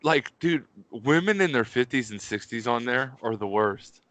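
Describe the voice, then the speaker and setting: On a casual podcast, a co-host from Pittsburgh rambles through crude stories, dropping "dude" constantly. His voice is mid-range and expressive, fairly bright, at a normal pace. The recording is dry.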